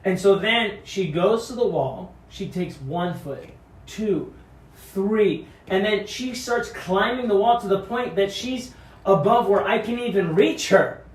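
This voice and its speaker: A man's voice: high voice, expressive, a little slow. A man giving an earnest devotional sermon that urges courage and repeats key phrases, recorded off-mic in a room. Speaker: pastor. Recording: echoey room, mic at a distance.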